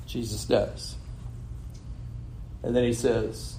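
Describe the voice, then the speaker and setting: Over slight background noise, a man with a slightly high, darkish voice preaches unhurriedly, pausing often. After reading a scripture passage, he retells it himself and asks rhetorical questions, laughing off a slip before correcting it.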